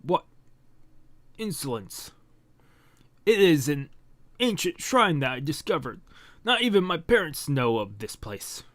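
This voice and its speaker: A man's voice: fairly high pitch, big pitch swings, a little slow, pauses often, fairly bright tone, no echo, voice pushed up. A man reading as a haughty monster king. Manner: formal, haughty speech. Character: menacing monster king, male, massive.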